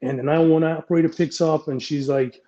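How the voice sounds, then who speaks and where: Middle-aged man, retired detective, blunt profane storytelling, mellow slightly high voice, muffled recording. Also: steady tone. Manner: blunt, profane, fast-moving anecdotes. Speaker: retired police detective guest. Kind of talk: casual storytelling interview.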